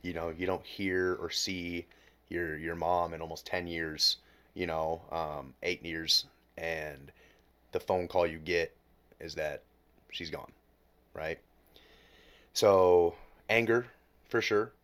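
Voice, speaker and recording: Late-20s man, very deep voice, podcast guest; candid, profane, emotional storytelling that dips to near whispers. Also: steady tone, slow pace, long pauses, fairly bright tone. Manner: emotional, heavy swearing, drops to near whisper at low points.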